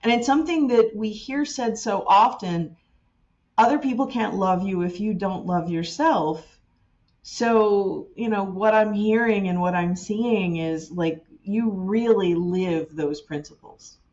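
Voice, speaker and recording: A woman hosting a podcast, speaking in a warm, affirming, reflective way. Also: mid-range voice, a little slow, lo-fi sound. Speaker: podcast host. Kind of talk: casual conversation.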